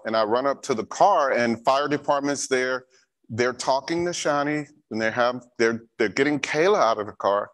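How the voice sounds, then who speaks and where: A man's voice: medium pitch, fairly bright tone. A man giving a church safety training talk, repeating key instructions and telling a personal story.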